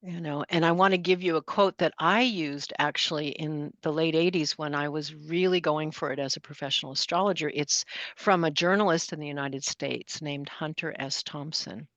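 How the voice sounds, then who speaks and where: Podcast guest: woman in her 60s, low-pitched, measured and reflective, dry close sound. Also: a bit bright, no echo. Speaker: guest astrologer. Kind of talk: podcast interview.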